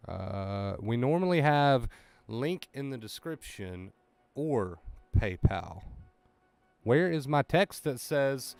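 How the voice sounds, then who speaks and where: Man, livestreamer, casual chat, excitable, repeats himself, faint background music. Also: medium pitch, slow pace, creaky, dry recording. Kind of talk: casual live-stream chat.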